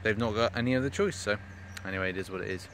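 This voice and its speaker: A man from England races through a casual park vlog shot on his phone camera, rambling with many fillers and restarts. His pitch is fairly low and his tone fairly bright, with slight background noise.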